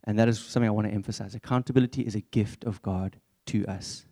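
Earnest young man preaching, mellow voice. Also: fairly low pitch, steady tone, fast, creaky. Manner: earnest, conversational, candid. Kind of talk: church sermon.

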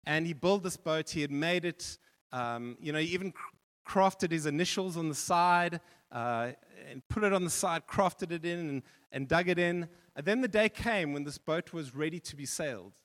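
A male pastor preaching a sermon in a church hall, telling a story with animated repetition. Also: fairly high pitch, normal speed. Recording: long reverb of a church hall.

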